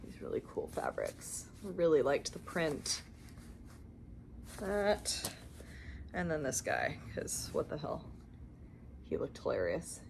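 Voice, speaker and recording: Casting: young woman, lively up-and-down voice, unhurried, excited crafty show-and-tell, faint room hiss. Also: low voice, gravelly. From Canada. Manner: gushing, chatty, lots of fillers and laughs. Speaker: cross-stitch channel host. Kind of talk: casual show-and-tell chat.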